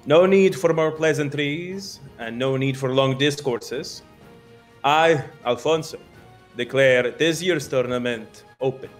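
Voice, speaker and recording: A man voicing a pompous male military officer and grand showman, with a booming, declamatory, theatrical delivery. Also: takes it slowly, faint music behind, close to an everyday voice. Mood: grandiose.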